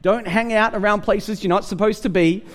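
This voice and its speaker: A male pastor delivering a sermon in a strikingly high voice. He is animated and playful with his listeners. He often stacks up repeated words before a point lands. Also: moderate pace. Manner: animated, humorous, repeats words when starting sentences.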